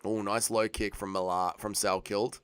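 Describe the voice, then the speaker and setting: An excitable man hosts a live fight watch-along, bantering with his chat and swearing freely. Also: lowish voice, normal speed, clean tone, faint music behind. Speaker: livestream host.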